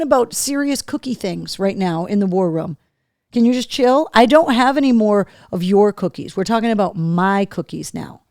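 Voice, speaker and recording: A woman's voice: animated, moderate pace, darkish tone, no room sound. Chatty woman host in a dry room. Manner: chatty, talks to her dogs in a high coaxing voice. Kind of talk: casual live-stream chat, reading viewer comments. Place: home studio room.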